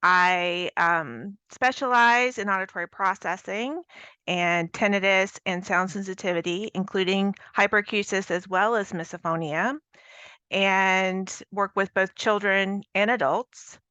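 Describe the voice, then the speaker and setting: Crisp, bright-voiced woman audiologist. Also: mid-range voice, unhurried, no room sound. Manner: steady, clear, informative. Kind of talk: panelist introduction. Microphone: video call.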